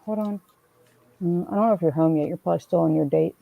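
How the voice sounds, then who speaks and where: A woman's voice: on the low side, fast talker, creaky, narrow, tinny audio. A woman hosting a casual livestream, rambling and calling out viewers by name as she reads their comments. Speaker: streamer host reading chat.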